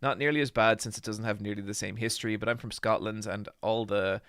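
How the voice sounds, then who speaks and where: A man's voice: on the low side, steady tone, fairly quick, a bit bright, clean tone, no room sound, clean studio sound. A young Irish man with a slightly American-tinged accent, chatting casually on a live stream, rambling with ums and restarts. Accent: Irish with American influence. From Ireland. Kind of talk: casual live-stream chat reading comments.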